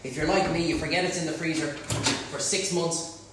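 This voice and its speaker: A man with an Irish accent hosting a live cook-along in a home kitchen, chatty and excitable, full of exclamations. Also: on the high side, fairly quick. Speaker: chef host. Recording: very echoey room, faint noise.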